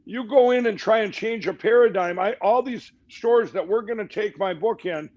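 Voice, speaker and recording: High-voiced rambling man, dull lo-fi audio. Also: moderate pace, a little mellow. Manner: rambling, restarts, emphatic. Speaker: guest. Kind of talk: fast rambling interview talk.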